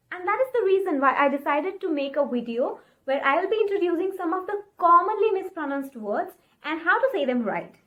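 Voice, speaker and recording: A woman teaching English pronunciation in a video lesson, encouraging viewers and repeating words slowly for them to practice. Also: high voice, a bit bright, highs cut off. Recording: faint guitar music behind.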